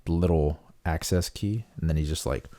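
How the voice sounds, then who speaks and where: A man casually recapping a book for his channel, excited and full of "like" and "um". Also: rumbling low, moderate pace, no room sound. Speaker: book reviewer.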